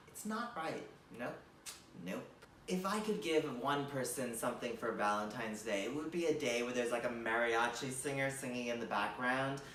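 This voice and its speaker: A young man doing stand-up, rambling and padding every thought with fillers. His voice sits at an ordinary pitch and reaches the mic from a distance. The room around him is echoey. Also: a bit bright, a little hiss or hum. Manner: rambling, filler-heavy delivery with many likes and you knows. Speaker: stand-up comedian. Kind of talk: stand-up comedy set.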